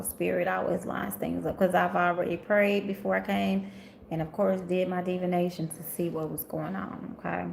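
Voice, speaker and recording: Gravelly woman doing live tarot. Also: lowish voice, a little mellow. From Memphis, Tennessee. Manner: chatty, calls viewers "honey" and "y'all", reads out comments. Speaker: tarot reader on livestream. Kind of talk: live tarot reading, chatting with viewers. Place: rental house, indoors. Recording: echoey room, faint ambient noise.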